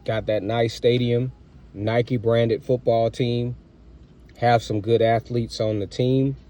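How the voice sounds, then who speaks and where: A man hosts a casual football podcast. He talks in an emphatic, fan-hype way, circling back to the same points and pushing them harder. His voice sits at a mid pitch. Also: little pitch movement, slow pace, dark tone. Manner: emphatic, repetitive fan hype with rising outbursts. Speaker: sports podcast host. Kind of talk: casual sports commentary monologue.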